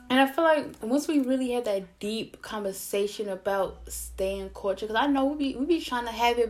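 Profane, rambling woman ranting casually. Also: mid-range voice. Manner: profane, animated, rambling with many fillers and self-interruptions. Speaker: vlogger. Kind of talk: casual opinion rant to camera.

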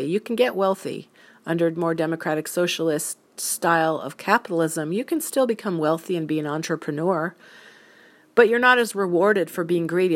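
A woman giving a casual, opinionated solo monologue, explaining her views earnestly with everyday examples. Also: on the low side. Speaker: solo commentator.

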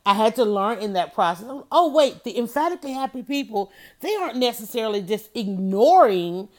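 A middle-aged woman hosting a motivational livestream, speaking in an animated, preachy way and often telling listeners to write things down. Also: on the high side, a little fast. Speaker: livestream host.

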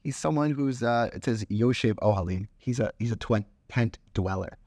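A man co-hosting a podcast, talking through scripture in a relaxed, rambling way with frequent fillers. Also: medium pitch, normal speed, no room sound, clean studio sound. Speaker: podcast co-host. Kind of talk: casual chat about scripture.

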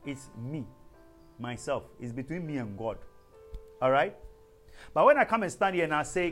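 A man's voice: medium pitch, a little fast, faint music behind. A man teaching a sermon on prayer, calling out questions to the congregation and breaking into tongues. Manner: animated, calls to the congregation, bursts into speaking in tongues. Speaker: preacher.

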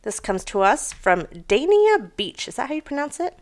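A woman's voice: high-pitched, sing-song, moderate pace. A young woman co-hosting a casual podcast, telling stories animatedly and swearing freely. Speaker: podcast co-host. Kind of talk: casual chat, reading odd news stories.

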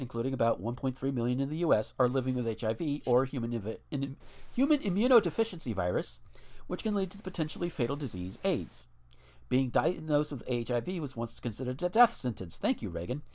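A man hosting a podcast in casual chat, rambling and profane with frequent restarts. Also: medium pitch.

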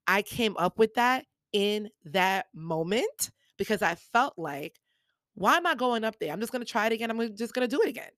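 A woman's voice: medium pitch, lively intonation, fairly quick, fairly bright tone, no echo. A woman hosting her own podcast, telling a story casually and acting out the people she quotes with big jumps in her voice, recorded on a podcast mic. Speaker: podcast host.

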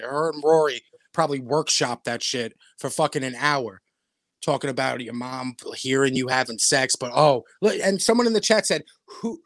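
A man's voice: on the high side, a bit bright, no room sound, studio quality. A man hosting a podcast, ranting sarcastically and cursing at rivals. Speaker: podcast host.

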